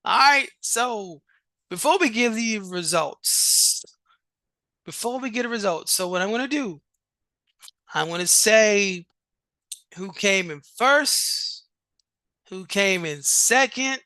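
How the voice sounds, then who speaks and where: A show host reads out vote results on a live stream in a slow, drawn-out way. The voice is bright and forward, with repeated words and restarts, and the sound is dry and close. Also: medium pitch, clean tone, no echo. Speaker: competition coach and show host.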